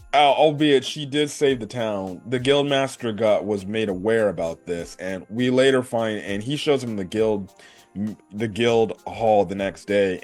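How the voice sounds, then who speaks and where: This anime reviewer, a man whose voice is fairly low and darkish in tone, recaps an episode in a casual, meandering way. Cursing and fillers like "like" and "right" run all through it.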